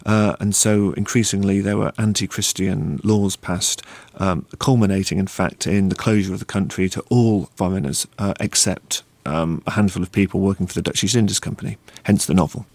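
A low-voiced man talks as an author in an interview, reading a passage and then explaining it. He speaks thoughtfully, with many ums and pauses. The recording is dry and close. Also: steady tone, a little mellow, no echo. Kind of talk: interview answers and book reading.

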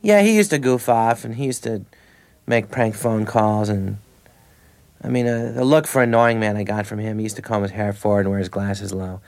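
A man's voice: fairly low pitch, moderate pace, darkish tone. A man in his thirties, a comedian guest, telling stories in a loose, rambling way with restarts and laughs between lines. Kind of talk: casual anecdotal interview.

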